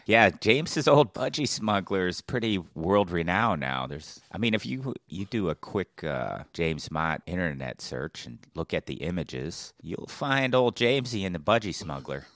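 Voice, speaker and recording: A low-voiced man co-hosting a podcast, joking and playful, with a lively, swooping delivery. His tone is bright and forceful, and the recording is dry and close. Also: normal speed, few pauses, no echo. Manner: joking and playful, laughs often. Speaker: podcast co-host. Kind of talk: casual chat.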